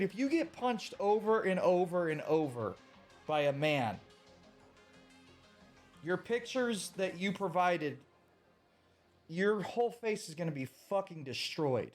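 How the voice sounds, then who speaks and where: A man on a live stream, talking in a slightly high voice with lots of emphasis and plenty of swearing. He keeps circling back to the same points in loose, casual speech. Soft music plays faintly behind him. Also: lively intonation, measured pace. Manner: emphatic, profane, repeats points.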